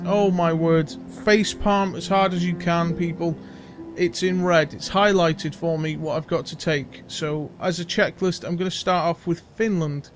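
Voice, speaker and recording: A man hosting a casual let's play, chatty and self-mocking, thinking aloud as he plays. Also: sits high. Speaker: gaming channel host.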